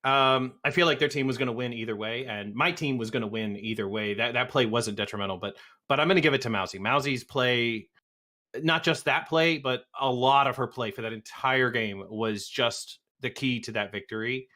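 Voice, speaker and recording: A man on a gaming podcast weighing his vote out loud, repeating words as he thinks. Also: mid-range voice, moderate pace. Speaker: podcast co-host and player. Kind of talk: casual podcast chat.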